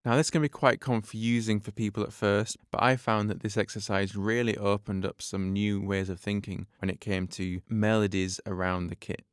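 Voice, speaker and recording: A man's voice: fairly low pitch, little pitch movement, normal speed, few pauses, smooth, dry recording, clean studio sound. A man teaching a drum lesson on his podcast, explaining patiently step by step and counting beats aloud.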